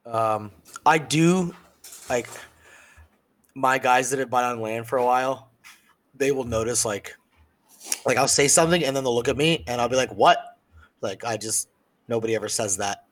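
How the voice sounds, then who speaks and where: A man co-hosting a podcast in loose, casual chat. He rambles, swears freely and sometimes trails off before finishing a thought. His voice sits at an ordinary middle pitch. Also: normal speed, long pauses. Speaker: podcast co-host.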